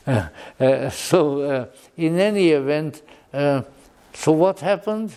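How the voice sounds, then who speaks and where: A man giving an unscripted public lecture in a wry, digressive way, with joking asides and halting restarts. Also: on the high side, warm tone, clear, resonant tone.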